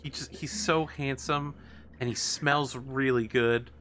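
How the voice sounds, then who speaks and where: Man voicing a whiny teary succubus girl, high and pleading, bright tone, light noise behind, tabletop game. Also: fairly even intonation, measured pace, close to an everyday voice. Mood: dreamy. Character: weepy lovesick female succubus librarian.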